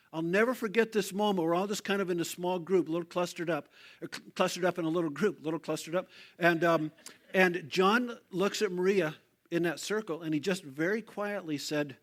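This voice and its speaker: An older man, a pastor, preaching a sermon as a conversational story, with frequent fillers and restarts. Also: on the high side.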